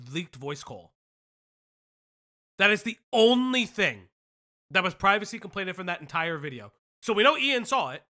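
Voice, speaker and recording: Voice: medium pitch, bright, forceful tone. A commentary stream host talking to chat over a played video, sarcastic and pointed, firing off rhetorical jabs. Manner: chewing while talking at times.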